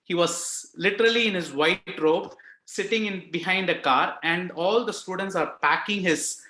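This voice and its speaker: Sharing a personal devotional experience, this young Indian man talks at a normal speed in a high, bright and forceful voice with an Indian accent. He is earnest and emotional, and fillers crop up often. The recording sounds roomy.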